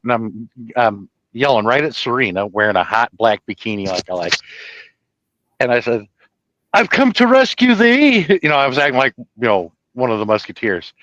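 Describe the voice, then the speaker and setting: A man telling a personal story in a rambling, profane, animated way, laughing at his own tale. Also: mid-range voice, a little fast, dry recording, muffled recording.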